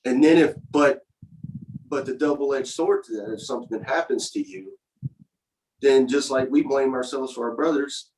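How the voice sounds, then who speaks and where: A man's voice: mid-range voice, moderate pace, darkish tone, low-quality recording. Reflective male podcast host. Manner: reflective, searching for words. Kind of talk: casual conversation.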